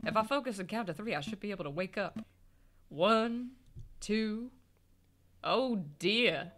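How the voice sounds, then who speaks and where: A player voicing a flustered male bird lawyer in a game, with a slow, put-on drawl. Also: mid-range voice, fairly bright tone, faint music behind, close to an everyday voice. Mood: confused. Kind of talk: reading a game aloud with voices.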